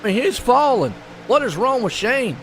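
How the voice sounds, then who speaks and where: A man calling a live sim race play-by-play, excitable and folksy. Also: extremely high pitch, normal speed, slight background noise. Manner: excitable, folksy, puzzled asides. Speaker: race commentator.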